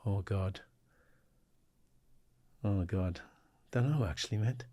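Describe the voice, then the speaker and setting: An English man in his sixties, a former footballer and assistant manager, is a guest on a casual storytelling interview. His fairly low voice moves slowly through animated anecdotes, acting out quoted dialogue. He laughs often, swears casually and says "mate".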